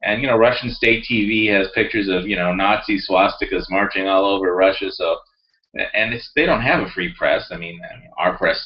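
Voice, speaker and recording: A man's voice: low-pitched, fairly quick, lo-fi sound. A man ranting heatedly in a rambling, profane way and reading his own forum post aloud. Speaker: video blogger.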